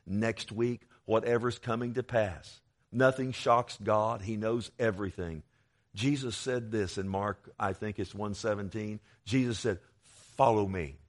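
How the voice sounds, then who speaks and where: A man preaching a sermon to his church, quoting scripture aloud with swells of volume and sudden drops. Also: mid-range voice. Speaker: pastor.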